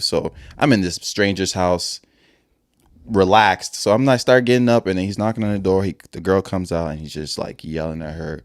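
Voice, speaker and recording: A man's voice: low-pitched, steady tone, a little fast, no room sound, clean studio sound. A man co-hosting a podcast, telling a rambling story in casual chat with frequent restarts and self-corrections. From Wisconsin. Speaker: podcast co-host.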